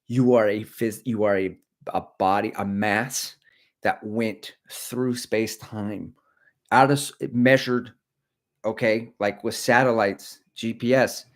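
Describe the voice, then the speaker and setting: A middle-aged man with a deep, low voice hosts a running livestream. He talks candidly and rambles, cracking jokes as he moves from one thing to the next. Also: fairly even intonation, slow. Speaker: running channel host. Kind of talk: casual livestream chat.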